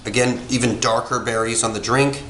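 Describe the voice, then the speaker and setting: A man's voice: medium pitch, steady tone, normal speed, a bit bright. A man casually reviewing a wine, chatty and rambling, with frequent ums and self-corrections. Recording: echoey room with faint background noise.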